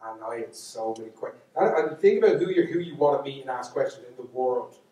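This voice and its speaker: A man's voice: medium pitch, lively intonation, brisk, warm tone. A man with a Dublin Irish accent, telling stories to a live audience in a lecture hall, chatty and self-mocking, with lots of asides. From Ireland. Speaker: storyteller. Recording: echoey hall, voice from far off.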